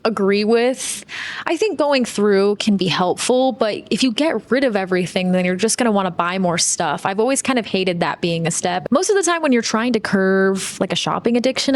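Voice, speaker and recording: A woman's voice: mid-range voice, animated, normal speed. A young woman hosting a casual film recap, chatty and full of sarcastic asides. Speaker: video host.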